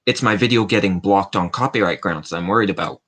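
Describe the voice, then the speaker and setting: A man's voice: sits low, fairly quick, fairly bright tone. A man hosting a casual Q&A livestream, rambling and cracking self-mocking jokes. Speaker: livestream host. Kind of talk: casual Q&A stream chat.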